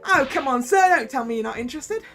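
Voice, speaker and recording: A woman's voice: sits high, expressive, quick pace, fairly bright tone, soft background music. A woman voicing a chatty male street seller with a Cockney accent and brash sales patter. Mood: cheeky sales patter.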